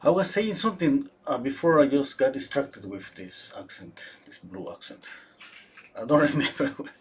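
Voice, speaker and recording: Husky man thinking aloud while painting. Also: mid-range voice, sing-song. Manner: halting, thinks aloud with frequent restarts. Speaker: painting instructor. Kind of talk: live-streamed painting demonstration.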